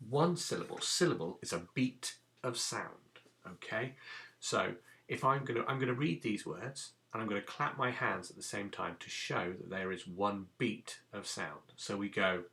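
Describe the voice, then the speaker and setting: A man's voice: on the low side, measured pace, creaky, sharp tone. A man teaching a recorded phonics lesson to young children, patiently sounding out letters and giving simple instructions. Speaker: primary school teacher.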